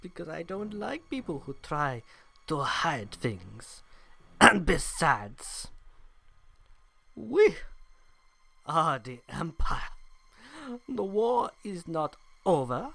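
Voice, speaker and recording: A man voicing a menacing imperial officer in a game, using a put-on German accent and slow, sneering threats. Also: a little high, big pitch swings, creaky, bright, forceful tone, exaggerated voice. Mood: mocking. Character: menacing male imperial officer, cold and mocking.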